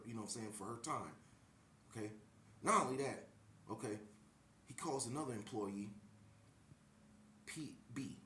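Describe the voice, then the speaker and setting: A man's voice: medium pitch, echoey room, a little hiss or hum. A man who works as a shift manager, telling an indignant story in casual speech and acting out the dialogue. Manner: animated, indignant, acts out quoted dialogue. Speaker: pizza shop shift manager.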